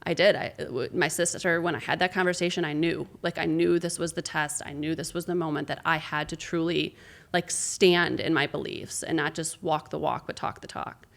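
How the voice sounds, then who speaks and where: A woman's voice: low-pitched, steady tone, moderate pace, creaky, a bit bright. A woman sports broadcaster, a guest in an interview, telling a candid, emotional story and acting out the conversations she recalls.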